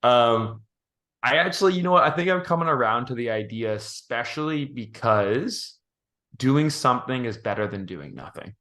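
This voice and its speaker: A man co-hosting a podcast, thinking out loud in a rambling, thoughtful way with many restarts. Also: mid-range voice, expressive, normal speed. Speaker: podcast co-host. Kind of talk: casual podcast chat.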